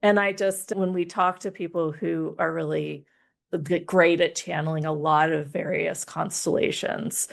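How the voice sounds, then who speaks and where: Gravelly woman with a lowish voice, animated stories, says "like" a lot, laughs a ton. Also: unhurried. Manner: animated storyteller, laughs often, frequent "like". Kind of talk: casual spiritual chat.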